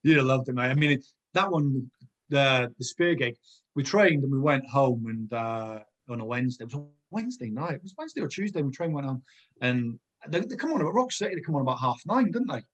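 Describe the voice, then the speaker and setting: A man's voice: mid-range voice, expressive, brisk. A middle-aged man, a former footballer, chatting as a podcast guest and telling long rambling anecdotes full of restarts. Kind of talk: casual podcast chat.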